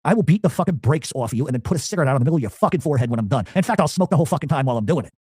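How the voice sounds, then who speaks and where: A man's voice: fairly high pitch, animated, very fast, darkish tone, slightly rough, no room sound, clean studio sound. A man delivering a profane, taunting challenge rant with aggressive insults. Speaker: angry ranter.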